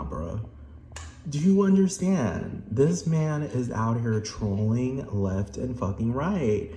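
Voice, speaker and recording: A man rants through reaction commentary, profane and exasperated, in a low, mellow voice. His talk rings in a roomy echo with a faint background hiss. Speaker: vlogger.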